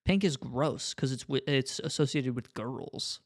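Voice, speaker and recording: A young man in casual podcast banter, mid-pitched and loose, swearing freely between laughs. The sound is dry and close, with no room around it. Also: measured pace, no echo. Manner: loose, joking, swears often. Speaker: podcast co-host. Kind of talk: casual chat.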